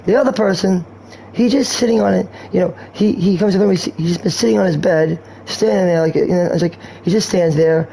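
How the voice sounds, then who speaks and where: Rambling man with a mellow voice. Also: sits high, brisk, creaky, a little hiss or hum, poor audio. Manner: rambling, meandering jokes, crude. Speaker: gaming streamer. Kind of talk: rambling gameplay commentary.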